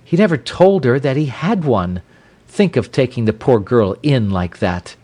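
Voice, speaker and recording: A man reading aloud, voicing a bitter, mocking farm wife with a shrill, scornful manner. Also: very animated, a little slow, mellow.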